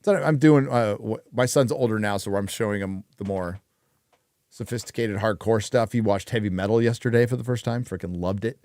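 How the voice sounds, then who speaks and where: A man's voice: on the low side, fairly quick, darkish tone, no room sound, clean studio sound. A man hosting a casual livestream chat, ranting with plenty of swearing and reading out viewer donations. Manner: profane, ranting. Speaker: host; reads viewer donations aloud.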